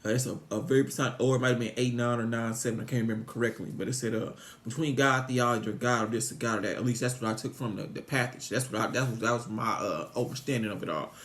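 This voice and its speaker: Fast-talking rambling man, echoey room. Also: medium pitch, a bit bright, a little hiss or hum. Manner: meandering, repetitive, frequent restarts, rhetorical questions. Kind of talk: rambling religious musing to viewers.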